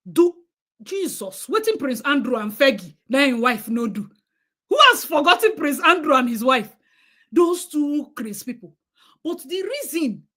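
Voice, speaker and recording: A Nigerian woman with a high voice hosts a live stream. She talks straight to her viewers, giving pointed opinions with emphasis. She switches easily into Nigerian Pidgin.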